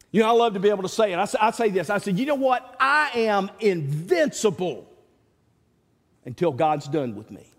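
A man preaches in a church hall, telling stories in a folksy way. His voice sits high and swings widely in pitch. The room's long reverb trails after his words. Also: a little mellow. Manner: folksy, storytelling, acts out quoted voices. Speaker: pastor. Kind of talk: sermon.

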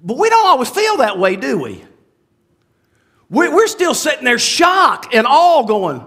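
A man's voice: very high voice, wildly swooping pitch, measured pace, a bit bright. A man preaching a sermon in a conversational way, with many asides and restarts, often asking the listeners rhetorical questions. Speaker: pastor.

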